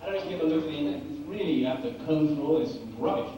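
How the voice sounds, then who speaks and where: A man's voice: on the high side, rapid-fire, dark tone, recorded from a distance. A man not from America answering fan questions on a convention panel, rambling and self-deprecating with an amused tone. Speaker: convention guest actor. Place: large convention hall. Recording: echoey hall mic, noisy.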